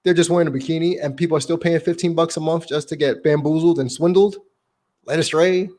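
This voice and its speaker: A man's voice: fairly high pitch, steady tone, fast talker, a little mellow. A young adult man hosting a podcast, blunt and opinionated with dramatic flair. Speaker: podcast host. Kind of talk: casual chat.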